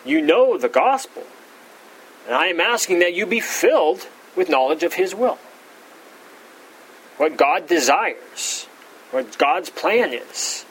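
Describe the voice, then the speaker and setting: Emphatic, high-voiced male Bible teacher. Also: lively intonation, slow, pauses often, a bit bright, slight background noise, low-quality recording. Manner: emphatic, stresses key words with pitch jumps and frequent restarts. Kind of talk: verse-by-verse Bible study teaching.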